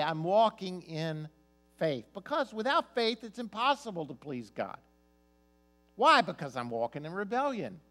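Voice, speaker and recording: A man preaching a sermon as pastor, telling stories, his voice swinging from loud emphasis to soft, quiet asides. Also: high-pitched, big pitch swings, measured pace.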